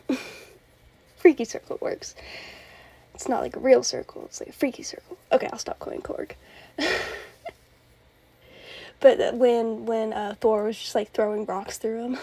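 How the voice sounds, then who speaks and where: A woman's voice: a little high, darkish tone, breathy edge. A young woman hosting a casual fan commentary, chatty, laughing often and restarting her sentences. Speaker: host.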